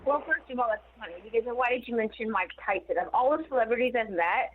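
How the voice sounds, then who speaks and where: Woman, interview guest, animated, laughs a lot, tinny phone line. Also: fairly high pitch, quick pace, a little hiss or hum. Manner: giggly and animated, laughs often. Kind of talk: casual interview storytelling.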